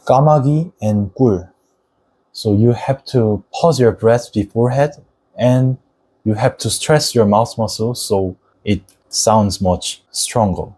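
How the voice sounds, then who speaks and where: A young man, a native Korean speaker, talks through a language lesson at a very slow, deliberate pace. His voice is mellow and fairly low, and he carefully models each word before explaining it. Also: steady tone, breathy edge, rough recording. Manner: patient, deliberate, models Korean words slowly.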